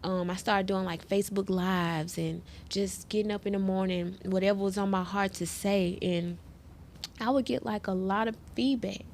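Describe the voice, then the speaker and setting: A woman tells her own story as an interview guest, earnest and heartfelt, now and then turning to the audience directly. Her pitch sits in a middle range for a woman. A faint noise runs under the recording. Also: steady tone, moderate pace, darkish tone. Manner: earnest and heartfelt, talks straight to listeners. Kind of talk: emotional personal story in an interview.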